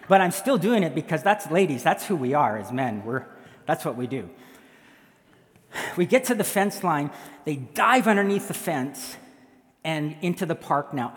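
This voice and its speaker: A man's voice: on the high side, in a large hall. A man, a pastor, telling a story in a sermon and acting out the voices of the people in it.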